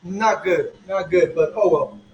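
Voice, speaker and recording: A man with a fairly high voice talks casually on his livestream, rambling and correcting himself as he goes. His voice rings out in an echoey room, and he keeps chatting with an unhurried, loose manner. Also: lo-fi sound, slight background noise. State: drinking a beer. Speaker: livestream host.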